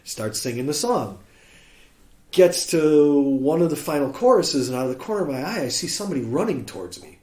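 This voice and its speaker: A man from Chicago, a guest musician on a podcast, telling a story in a lively way and acting out what people said. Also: fairly high pitch, brisk. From Chicago, USA. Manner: animated storyteller who acts out quoted speech. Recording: roomy echo.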